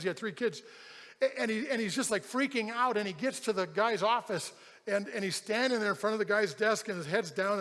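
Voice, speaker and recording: A man's voice: sits high, brisk. A man preaching a sermon as a pastor, telling a story with animation and acting out the people in it. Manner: animated storyteller, acts out quoted voices. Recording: large hall with long reverb.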